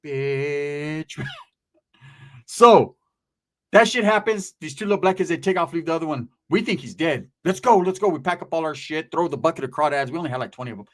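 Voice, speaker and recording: A man telling a story in casual chat, animated and profane, full of street slang and shouted sound effects. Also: fairly high pitch, racing, hardly any pauses.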